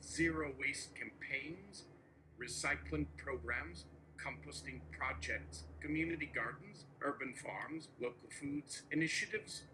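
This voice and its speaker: A man reading a satirical political speech aloud in a deadpan way, listing names and policies one after another. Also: on the high side, noisy background. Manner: steady listing delivery. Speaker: host reading a mock speech.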